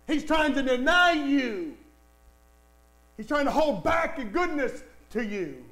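Man doing a sly tempting devil, wheedling, high voice, slow and drawn out. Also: very animated, fairly bright tone, roomy sound, full character voice. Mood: coaxing. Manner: wheedling, pushy persuasion. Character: sly tempting male devil, coaxing and scornful.

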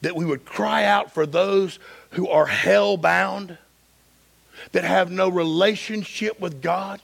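A male pastor preaching an impassioned sermon that swings between loud emphasis and hushed stretches. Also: sits high, steady tone, slow, creaky.

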